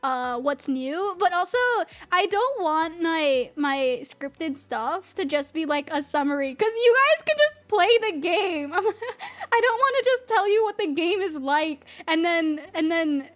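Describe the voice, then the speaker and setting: A woman's voice: very high voice, expressive, a little slow, a bit bright. An American woman in her thirties, a VTuber rambling and ranting in a casual stream, giggling often. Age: 30s.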